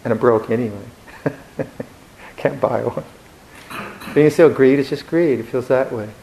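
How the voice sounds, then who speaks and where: A man giving a Buddhist dharma talk in a reflective, gently humorous way, with hesitant restarts. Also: mid-range voice, a little slow, creaky, a little hiss or hum, rough recording. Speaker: Buddhist monk teacher.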